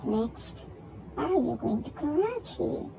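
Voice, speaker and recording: Slow, gravelly-voiced woman teacher. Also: high voice, sing-song, very noisy. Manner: repeats each word slowly and spells out syllables. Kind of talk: recorded grammar lesson for young children.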